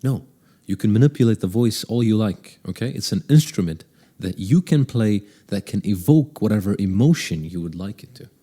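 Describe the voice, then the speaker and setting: A man with a low, mellow, slightly husky voice coaches the listener on how to speak. He talks straight to them and often slows down, speeds up or drops his volume to show what he means. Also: expressive. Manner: demonstrates voices, shifts pace and volume. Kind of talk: direct-to-camera vocal tips.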